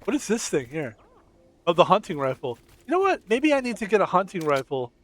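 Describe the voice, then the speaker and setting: A man streams a game and talks casually over it, rambling from one crude joke to the next. His voice sits a bit high for a man. He keeps it loose and unscripted. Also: big pitch swings, a little fast, fairly bright tone, a little hiss or hum. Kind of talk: casual gameplay commentary.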